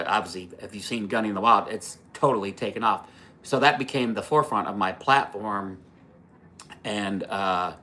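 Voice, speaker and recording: A man's voice: lowish voice, bright, forceful tone. A man in his fifties hosting a livestream, telling stories in a rambling, profane way with many fillers and restarts. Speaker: livestream host. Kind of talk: casual livestream storytelling.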